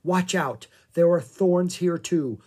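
A reader voicing a cautious, worried young boy giving tense, hushed warnings in a storybook reading. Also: medium pitch, slow, breathy edge, pitched above the performer's own voice. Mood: tense whisper.

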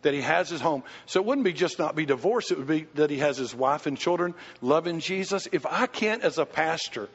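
An older man leads a church Q&A teaching, answering his congregation with animated stories and acted-out quotes. His voice is on the high side with a breathy edge, brisk with few pauses, heard through a muffled hall recording.

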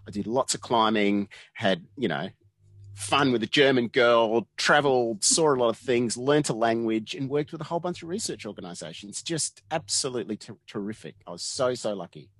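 A man in his fifties with an Australian accent tells stories in a relaxed interview. His pitch swings freely as he talks, and he often laughs and acts out the people in his stories. The recording sounds close and dry. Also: normal speed, no echo. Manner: animated, laughs often, acts out quoted dialogue. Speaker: interview guest, surveyor. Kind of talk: casual storytelling interview.

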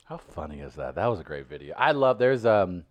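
A man's voice: deep voice, brisk, lo-fi sound. A man co-hosting a casual podcast, joking and reacting to video clips. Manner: animated, joking, swears. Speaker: podcast co-host.

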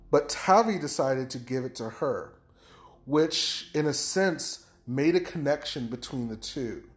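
A man's voice: a little high, darkish tone. A man casually retelling a book's plot, rambling with many fillers and restarts. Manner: rambling, hesitant, lots of fillers. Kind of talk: casual book recap.

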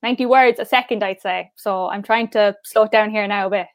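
A young woman from Cork with an Irish accent, chatting fast in an interview as a guest and often saying "like". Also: medium pitch, dry recording, studio quality. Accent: Irish, Cork mixed with Mayo. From Cork, Ireland. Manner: fast talker, says "like" often. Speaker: pageant finalist guest. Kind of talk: casual interview chat.

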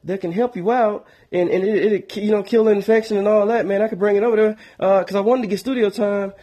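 A man putting on a pushy male buddy in a raised, eager voice that keeps pressing to come over. His tone is mellow and a bit husky, with quick bursts of pace as he insists. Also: sits high, fairly even intonation, pitched above the performer's own voice. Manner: insistent, says man constantly. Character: pushy male friend wanting studio time.

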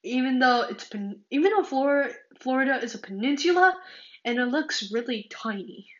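A woman's voice: sits high, animated, moderate pace, reverberant, muffled recording. A woman from California hosting a casual solo podcast, rambling with many fillers and restarts. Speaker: podcast host.

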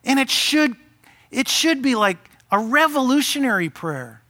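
A man's voice: very high-pitched, very animated, measured pace, pushed and bright. A man preaching a sermon as pastor, impassioned and urgent, rising to emphatic peaks.

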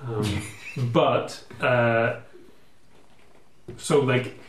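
A man's voice: medium pitch, extremely slow. Man as game master, rambling with fillers, in an echoey room with faint background hum. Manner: rambling, hesitant with many fillers. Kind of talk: narrating a tabletop game.

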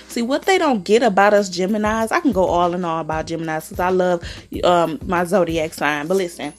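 Woman podcast host, sassy gossip chat, lively, faint music behind. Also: mid-range voice, brisk, few pauses. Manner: sassy and chatty, calls listeners honey and girl. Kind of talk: casual celebrity gossip chat.

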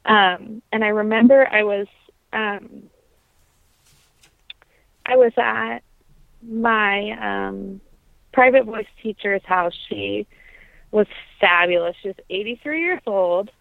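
A woman in her thirties speaks earnestly and reflectively, often pausing with ums. Her voice has a gravelly edge. The sound is dry and tinny, like a phone line. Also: mid-range voice, dry recording. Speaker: podcast guest, opera singer. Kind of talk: conversational interview.

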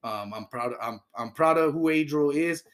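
A man's voice: on the high side, normal speed, fairly bright tone. Profane laughing young man. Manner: profane, laughing often, slangy. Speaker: team member talking about teammates. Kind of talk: casual chat.

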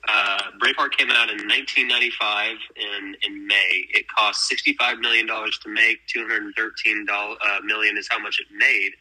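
A man's voice: on the low side, little pitch movement, moderate pace, few pauses, sharp tone, husky, poor audio. A young man from Texas hosting a podcast, recapping at length with lots of fillers. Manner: rambling, filler-heavy recaps. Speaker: podcast host. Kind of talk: casual chat.

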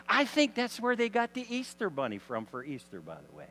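A man's voice: high voice, huge pitch swings, a little fast, hardly any pauses, pushed and bright. A man preaching a sermon in a conversational storytelling style, full of rhetorical questions, in a church hall. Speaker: pastor. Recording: long hall reverb.

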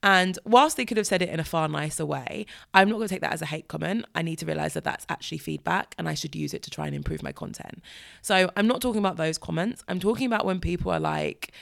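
A woman's voice: sits low, expressive, quick pace, gravelly, fairly bright tone. A British woman hosting a podcast, talking frankly and chattily with self-deprecating asides. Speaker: podcast host. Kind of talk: solo podcast advice talk.

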